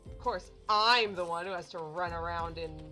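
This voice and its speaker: Young woman let's-player, bright voice, faint game music behind. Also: on the low side, normal speed. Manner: bubbly, joking, animated. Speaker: game streamer. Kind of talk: casual let's-play commentary.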